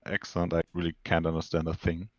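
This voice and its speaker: A man's voice: low voice, monotone, fairly quick, dry recording. A man chatting casually and a little hesitantly while playing a board game. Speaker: game player. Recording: dull lo-fi mic.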